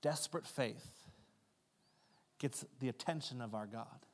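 A man preaching a sermon as a pastor. He retells Bible stories in a conversational way, acting out the characters, then builds to loud, impassioned climaxes. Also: mid-range voice, measured pace. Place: church sanctuary. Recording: long hall reverb with faint music. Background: faint keys or guitar.

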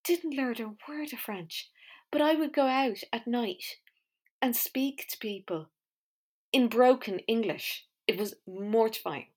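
A woman's voice: a little high, lively intonation, a little slow, breathy edge. A woman hosting a podcast in a chatty, wry, self-mocking monologue. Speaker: podcast host. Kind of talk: casual monologue.

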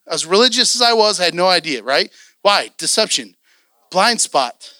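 A man preaching to a congregation, his voice pitched high and bright. He tells a personal story in a lively way and acts out his own past outbursts. The sound is close and dry, with no room around it. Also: a little fast, no echo. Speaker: church elder preaching.

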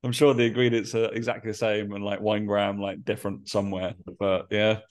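A young man co-hosts a podcast with a slightly low voice. He talks in loose, rambling banter, laughs often and drops the odd swear word. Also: level tone, fairly quick. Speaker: podcast co-host.

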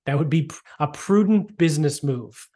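A man's voice: fairly high pitch, animated, normal speed, dark tone. A man from the Boston area co-hosting a casual podcast, rambling and swearing with lots of "like". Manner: rambling, profane, fillers like "like". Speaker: podcast co-host. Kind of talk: casual chat.

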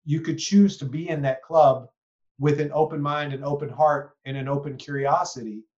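A podcast host from East Texas leads a conversational interview in a reflective, rambling manner, with many asides and tag questions like "you know" and "right?". His voice is a little high and a little mellow, with fairly even intonation at normal speed, and the highs are cut off.

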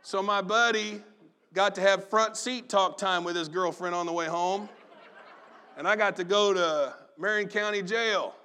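High, bright-voiced man preaching a sermon. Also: a little slow, smooth. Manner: storytelling, animated, acts out family members. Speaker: pastor. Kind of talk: sermon with personal story.

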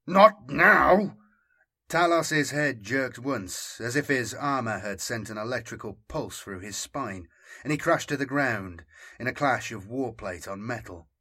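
A man narrating an audiobook in a slow, deliberate scripted reading. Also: medium pitch, pushed and bright, slightly rough.

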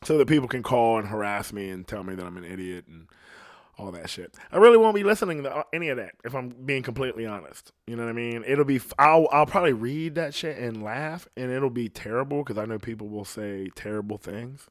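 A man's voice: medium pitch, animated, brisk, no echo, clean studio sound. A man from Ohio hosting a solo podcast, rambling in a profane, casual monologue and often asking "you know what I mean". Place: at home alone.

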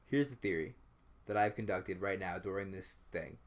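A man's voice: sits low, normal speed. Joking young man on a podcast. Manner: joking, spins playful conspiracy theories. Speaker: podcast co-host. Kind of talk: casual chat. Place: friend's house.

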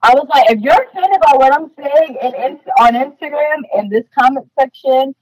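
A woman from New York, a podcast guest, telling stories in casual chat, blunt and animated with lots of "like" fillers. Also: high voice, moderate pace, no room sound, lo-fi sound.

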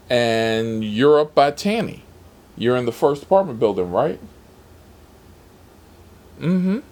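A man who drives for a rideshare service, telling stories from his shifts in a sassy, heavily profane, emphatic way. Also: medium pitch. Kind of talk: casual storytelling vlog.

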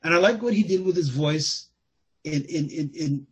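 A man talking as a podcast guest in casual chat, rambling and animated, often laughing and restarting his sentences. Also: fairly high pitch, moderate pace, husky, highs cut off.

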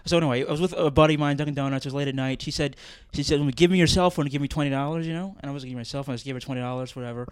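A man's voice: a little high, racing, hardly any pauses, smooth, dry recording. A man co-hosting a casual comedy podcast, telling self-mocking stories and laughing often. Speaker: podcast co-host.

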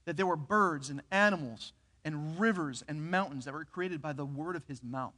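A man preaching a sermon, telling a personal story in an earnest, animated way. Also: on the high side, moderate pace. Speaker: pastor. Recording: reverberant hall.

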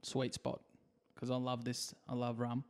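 A man's voice: medium pitch, monotone, measured pace. Teasing, laughing Australian man. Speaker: podcast co-host. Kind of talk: casual chat.

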